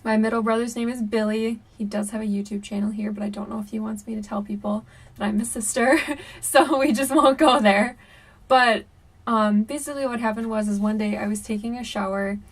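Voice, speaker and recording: A young woman YouTuber telling a spooky personal story to camera in a chatty, animated way, full of "um" and "like.". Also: medium pitch, fast, husky, far from the mic. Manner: chatty, animated, many fillers like "um" and "like".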